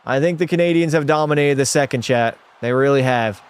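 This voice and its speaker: A young man streams a hockey video game, calling plays and chatting with viewers in a mid-range, slightly fast voice that's clear and resonant. He's excitable and talkative, answers chat, and lets out mock French-Canadian outbursts during his casual play-by-play.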